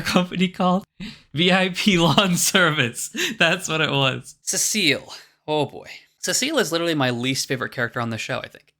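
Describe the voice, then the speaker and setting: A man's voice: mid-range voice, bright, forceful tone. A man hosting a commentary video, talking in a sarcastic, exasperated way and swearing freely. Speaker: video essay host.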